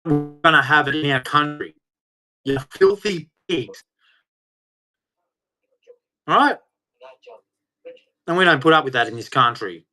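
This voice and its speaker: A man's voice: a little high, animated, unhurried, pauses often, bright, forceful tone. A man delivering an angry, heated rant, swearing and speaking with hard emphasis. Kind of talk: angry ranting monologue.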